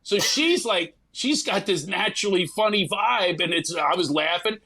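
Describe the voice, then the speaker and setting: A man, a guest comedian, telling an animated, profane comic story and acting out the people in it. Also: high voice, normal speed, slightly rough. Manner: acts out others in quoted voices, profane.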